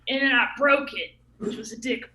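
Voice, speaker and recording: At an open mic, a woman in her thirties from Ohio, USA, does a rambling, self-mocking stand-up set and laughs at her own jokes. Her voice is a little high at normal speed, and the low-quality recording is roomy with crowd noise.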